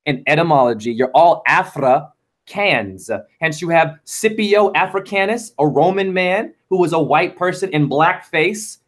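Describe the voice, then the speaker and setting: A man's voice: fairly high pitch, expressive, unhurried. A man talking as a show guest in a rambling, fervent monologue full of wordplay. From United States. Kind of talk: casual chat.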